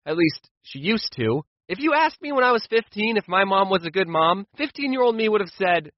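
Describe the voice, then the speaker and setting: A man telling comic childhood stories in an animated, playful way, slipping into quoted voices. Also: sits high, brisk, no room sound, dull audio. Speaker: storytime YouTuber. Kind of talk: comedic storytelling.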